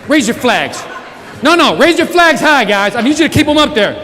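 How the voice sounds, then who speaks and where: With an extremely high-pitched voice at normal speed, a keynote speaker delivers a motivational talk, animatedly telling stories and addressing the crowd directly. The large conference hall echoes with the live audience, and some chatter can be heard behind him.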